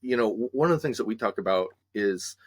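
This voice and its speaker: Low-voiced man, measured and hesitant. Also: expressive, slightly rough, no room sound. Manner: measured, hesitant, many fillers. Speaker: therapist, guest. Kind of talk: conversational discussion.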